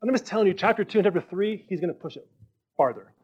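Animated male pastor preaching, lo-fi sound. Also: high-pitched, very fast, breathy edge. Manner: animated, conversational, acts out quoted speech. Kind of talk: sermon. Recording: dull lo-fi recording.

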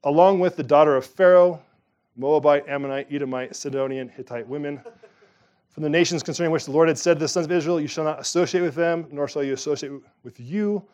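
A middle-aged male pastor preaching with fervor. His voice sits a little high for a man, and he swings between quiet, measured stretches and loud, pointed outbursts. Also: smooth. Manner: animated, emphatic preaching with sudden loud rises. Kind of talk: sermon.

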